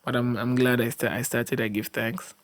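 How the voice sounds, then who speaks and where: Here the same kind of solo podcast host, a young Kenyan man worn out from a long day, speaks in a mid-range voice with little pitch movement at a moderate pace. He rambles, repeats himself, and urges his listeners on, full of restarts and fillers.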